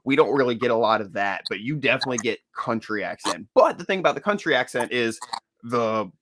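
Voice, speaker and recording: Bright-voiced laughing man in casual chat. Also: mid-range voice, fairly quick, slight background noise. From Florida. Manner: animated storyteller, laughs often.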